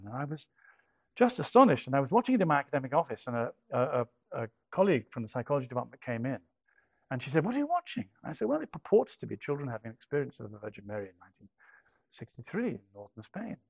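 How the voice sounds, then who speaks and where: A middle-aged man from England telling a personal story, halting and self-deprecating with many restarts. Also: mid-range voice, big pitch swings, creaky, a little mellow, dry recording. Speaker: speaker telling a conversion story. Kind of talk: anecdotal storytelling talk. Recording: dull lo-fi dry recording.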